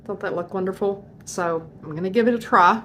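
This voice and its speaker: This home cooking host talks briskly in a mid-range, slightly bright voice, with a little background noise behind her. She's chatty and folksy as she walks viewers through a dish in a relaxed demo.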